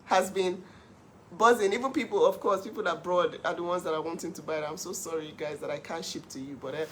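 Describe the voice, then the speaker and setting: A woman who sells cookware, talking casually on a livestream in an animated, emphatic way and laughing often. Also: fairly low pitch, a little hiss or hum. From Nigeria. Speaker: cookware seller hosting a livestream.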